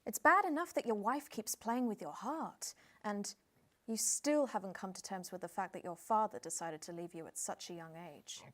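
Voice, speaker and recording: A woman's voice: mid-range voice, moderate pace, fairly bright tone, lightly acted. A British woman playing a self-styled outback expert who turns amateur therapist, with a theatrical, flowery, condescending manner in a comedy sketch.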